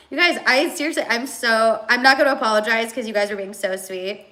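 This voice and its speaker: A woman's bright, forward voice carries a loose, rambling livestream chat full of fillers. She is emotional and teary as she reads out viewer comments. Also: on the high side, brisk. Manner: chatty and rambling, many fillers. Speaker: host.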